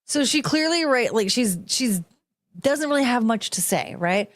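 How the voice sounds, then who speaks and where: A woman hosts her own podcast, reacting to video clips with blunt, profane commentary. She slips into mocking impressions of the people she watches. Her voice sits a little high. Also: animated, unhurried. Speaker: podcast host.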